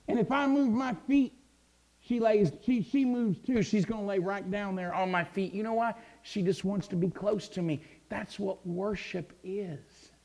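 A male preacher telling a Bible story, repeating words as he builds to fervent shouting. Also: high voice, steady tone, a little slow. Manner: stammering repetitions, swelling into fervent shouts. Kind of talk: sermon.

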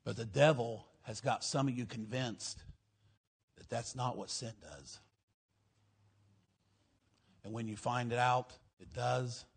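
A male preacher, delivering a fiery sermon in rhythmic, rhyming bursts and shouting on key lines. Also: mid-range voice, slow pace, gravelly, pauses often, slightly rough.

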